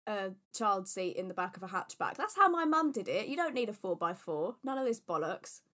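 A woman with a mid-pitched voice chats as a podcast co-host. She talks casually, padding her sentences with fillers before landing on blunt opinions. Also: very animated, brisk, pushed and bright. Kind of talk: casual chat.

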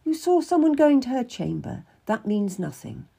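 A woman voicing a calm, firm noblewoman who gives measured, reassuring counsel in a storybook reading. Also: fairly high pitch, creaky, husky, pitched above the performer's own voice, exaggerated voice. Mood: commanding.

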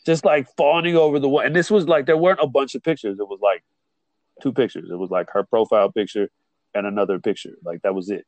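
A man talks fast in a casual chat, telling a story from his college days. He's animated, acting out the people he quotes with sudden jumps in pitch. There's no echo on the recording.

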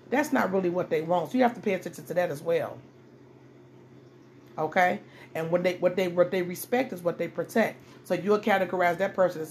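A woman's voice: lowish voice, fairly quick, a little mellow. Middle-aged woman hosting a casual advice podcast; blunt, salty delivery that hammers points home, with a faint noise floor. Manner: blunt, profane, repeats phrases for emphasis. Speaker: podcast host. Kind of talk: casual dating-advice monologue.

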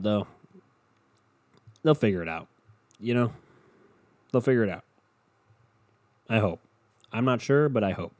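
A man's voice: lowish voice, a little mellow. Profane rambling man ranting casually. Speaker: solo podcast host. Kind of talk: casual unscripted rant.

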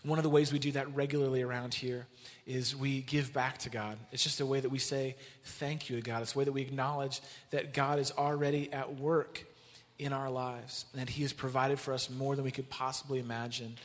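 A man's voice: mid-range voice, level tone, brisk. Earnest man leading worship in a hall. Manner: gentle, earnest transition into worship and prayer. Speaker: pastor. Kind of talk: sermon.

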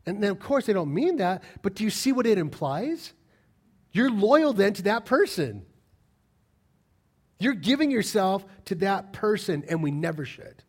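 Male pastor, sermon, emphatic, rhetorical questions, slightly high voice. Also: very animated, unhurried, breathy edge. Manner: emphatic, rhetorical questions, swings between loud and quiet.

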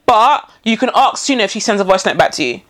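A young woman in casual chat, giving quick, animated opinions. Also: medium pitch.

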